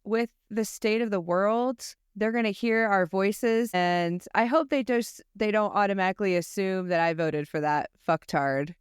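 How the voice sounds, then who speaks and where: Young American woman co-host, blunt and foul-mouthed, smooth voice, dry studio sound. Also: medium pitch, a little slow, hardly any pauses, dry recording. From United States. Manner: blunt, profane, self-deprecating. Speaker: podcast co-host. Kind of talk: casual chat.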